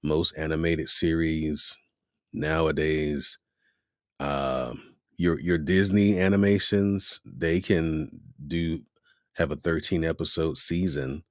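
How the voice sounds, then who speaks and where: Deep-voiced man, animated talker. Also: slow pace, no echo, studio quality. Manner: animated, acts out quoted voices. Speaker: voice actor guest. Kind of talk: casual interview chat.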